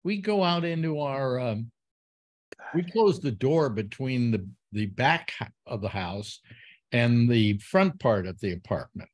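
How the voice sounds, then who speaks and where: A man's voice: medium pitch, expressive, measured pace, darkish tone. Rambling man hosting a call-in chat. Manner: rambling, many fillers and restarts. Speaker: host.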